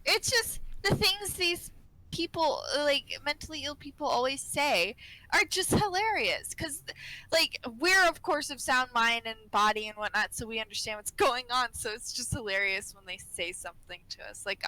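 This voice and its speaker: A young woman talks casually about her work as a nurse, laughing often and acting out things her patients say. Her voice sits high and sounds bright, and it is recorded dry and close to the mic with no room sound. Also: animated, normal speed, no echo, rough recording. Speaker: nurse, podcast co-host. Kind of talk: casual chat.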